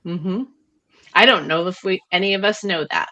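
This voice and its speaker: Woman podcast co-host, low-set bright voice, casual and quick with fillers. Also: dull audio. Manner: animated, quick recapping with frequent fillers. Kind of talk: casual book discussion chat.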